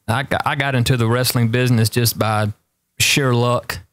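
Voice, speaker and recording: A man's voice: medium pitch, fairly even intonation, normal speed, a bit bright, dry recording. A man, hosting a show and telling rambling stories with emphatic repeated warnings. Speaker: talk show host. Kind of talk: casual storytelling chat.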